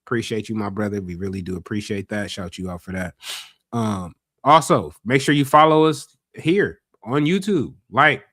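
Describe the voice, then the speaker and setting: A man hosting a casual podcast, talking in an animated, profane way and repeating himself when worked up. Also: fairly low pitch, normal speed, no echo, clean studio sound. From Los Angeles area. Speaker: podcast host.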